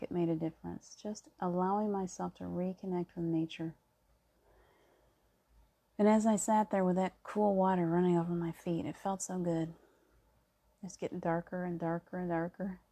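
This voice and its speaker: A middle-aged woman talks to her viewers in a calm, soft-spoken way. Her voice sits a little low and sounds mellow and warm. She tells a personal story with gentle, reassuring emphasis. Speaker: spiritual vlogger. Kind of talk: casual spiritual monologue.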